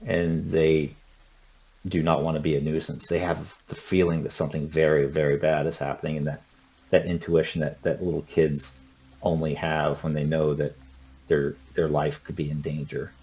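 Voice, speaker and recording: A man narrating a tabletop horror game as game master, speaking in a hushed, unhurried way with frequent restarts. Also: a bass voice, flat delivery.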